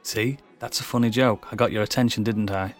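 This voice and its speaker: A man's voice: lowish voice, fairly even intonation, fairly quick, soft background music. A man playing his character in a tabletop game, dry and sarcastic in his banter. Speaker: player.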